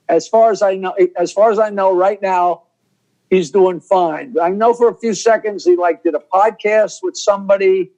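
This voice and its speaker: Rambling older man, raised pitch. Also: mellow, rough recording. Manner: rambling, self-interrupting storyteller. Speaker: interview guest, comedian. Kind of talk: casual interview over video call.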